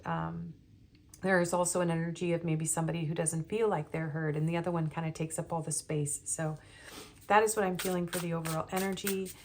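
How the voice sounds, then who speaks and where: A woman's voice: lowish voice, slight background noise. A woman giving a tarot reading, talking in a rambling, hesitant way with many ums, and sounding nervous. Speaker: tarot reader. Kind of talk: casual tarot reading monologue.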